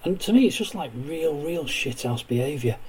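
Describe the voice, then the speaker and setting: A man's voice: on the high side, lively intonation, moderate pace, a little mellow, slightly rough, rough recording. A man co-hosting a casual podcast chat, giving blunt, sweary opinions. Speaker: podcast co-host.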